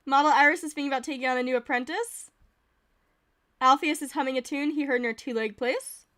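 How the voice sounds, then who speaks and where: A woman's voice: sits high, fairly quick, pushed and bright. A woman streamer giving casual, giggly commentary as she reads game events aloud.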